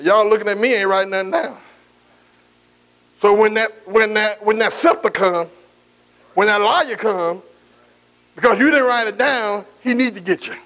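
A man's voice: high voice, a bit bright, rough recording. A man. He keeps calling out to the congregation for an answer. He stretches out each scripture quote and mixes in folksy asides. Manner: call-and-response preaching, drawn-out scripture quotes, folksy asides. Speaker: pastor. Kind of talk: sermon.

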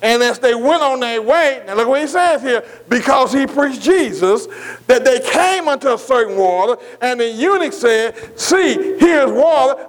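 Slowly drawing out the words of scripture, a very high-pitched man preaches to his congregation. He follows with questions and repeated phrases meant for emphasis.

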